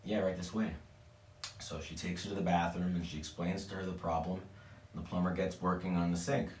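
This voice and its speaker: Deep-voiced man telling a spooky tale. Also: level tone, fairly quick, slight background noise. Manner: casual, playful, with asides to listeners. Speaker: storyteller. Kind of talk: live spooky storytelling. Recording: echoey room, mic at a distance.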